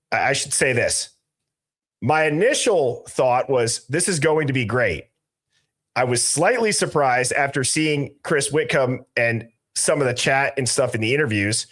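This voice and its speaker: A man's voice: mid-range voice, animated, measured pace, a bit bright. A man hosting a casual live stream, reading out viewer names from the chat with loose, jokey asides. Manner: greets viewers by reading chat usernames aloud. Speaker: livestream host.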